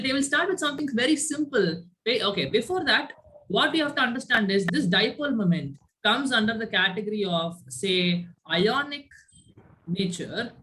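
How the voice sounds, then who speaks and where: A man's voice: high voice, pushed and bright, slight background noise. A male chemistry teacher giving an online class, quizzing students and tagging his points with "right?". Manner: quizzes students, frequent "right?" tag questions. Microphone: video call.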